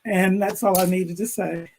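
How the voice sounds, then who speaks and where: An older man, an educator, telling a classroom story with animated delivery and acting out the characters' lines over a video call. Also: high-pitched, slow, gravelly, rough recording. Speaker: interview guest, educator. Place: room with bookshelves.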